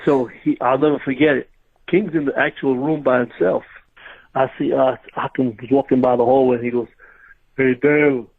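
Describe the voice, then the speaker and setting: A man's voice: mid-range voice, normal speed, breathy edge. A man, a former pro wrestler, telling backstage stories in a casual interview, laughing as he goes. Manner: animated storyteller, laughing through his stories. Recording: tinny phone-line audio.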